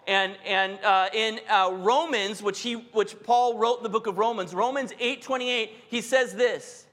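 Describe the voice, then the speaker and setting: A man's voice: extremely high pitch, fairly bright tone. A man preaching a sermon in a candid, humorous, conversational way. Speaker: pastor. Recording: hall reverb.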